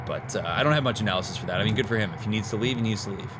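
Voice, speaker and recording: A therapist giving let's-play commentary in a reflective, analytical way, with casual fillers. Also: male voice, lowish voice, rapid-fire, noisy background. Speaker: therapist playing a game.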